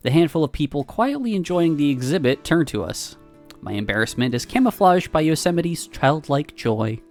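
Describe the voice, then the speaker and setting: A man streamer reading a visual novel aloud with wry, animated storytelling. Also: a little high, moderate pace, soft background music.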